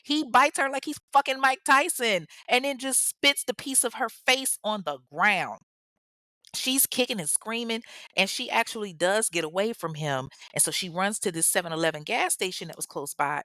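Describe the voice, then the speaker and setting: A woman hosts a true-crime podcast and tells the case like gossip between friends, swearing freely and breaking off to laugh with her listeners. Her voice sits in a middle pitch, recorded close and dry with no room sound. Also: normal speed, sharp tone, dry recording. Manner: chatty and profane, laughing asides to listeners. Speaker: podcast host. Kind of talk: casual true-crime storytelling.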